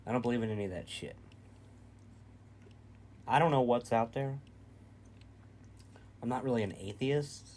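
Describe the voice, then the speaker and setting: A man's voice: mid-range voice, moderate pace, pauses often, a little mellow. A man co-hosting a reaction video in casual chat, blunt and opinionated, swearing freely.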